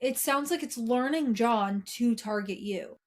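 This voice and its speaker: Higher-voiced woman reacting in casual chat. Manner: reactive listener, quick questions and short reactions. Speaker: podcast co-host.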